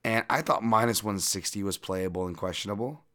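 A man hosting a fight podcast, breaking down bets in a profane, animated and self-deprecating way. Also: fairly low pitch, fairly quick. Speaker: podcast host and fight analyst. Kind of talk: casual betting-podcast breakdown.

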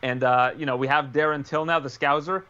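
Guest man, quick, bright, animated podcast talker. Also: a little high, highs cut off. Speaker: guest analyst. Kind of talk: casual podcast chat.

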